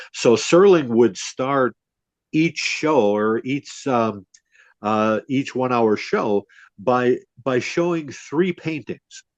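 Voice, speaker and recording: A man's voice: mid-range voice, no room sound. A middle-aged man hosting a podcast, telling a story from memory in a rambling, casual way with fillers and restarts. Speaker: podcast host. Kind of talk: casual chat. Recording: dull lo-fi podcast audio.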